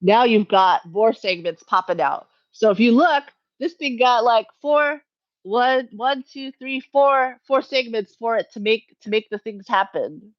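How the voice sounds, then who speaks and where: Fairly high-pitched and a little slow, this woman's voice comes through dull audio. She's a livestream host doing a casual at-home Q&A, rambling and correcting herself, with lots of laughter as she chats with viewers.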